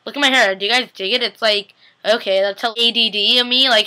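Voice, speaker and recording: Girl gushing about a tv episode, bright voice, rambly, tons of likes and ums. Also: fairly high pitch, a little fast. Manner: rambling, excitable, many fillers. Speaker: TV episode recap vlogger. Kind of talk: casual TV recap vlog.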